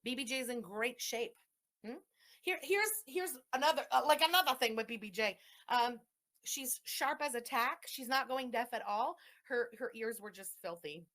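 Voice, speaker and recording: Woman venting on her channel, fed up and scolding, slightly high voice. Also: animated, moderate pace, a bit bright. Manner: indignant, exasperated, scolding. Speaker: commentary channel host. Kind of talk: emotional commentary rant.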